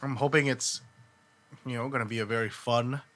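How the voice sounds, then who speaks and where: A man's voice: medium pitch, a little fast. Slangy young man co-hosting a podcast. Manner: relaxed, slangy, jokey. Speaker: podcast co-host. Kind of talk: casual chat.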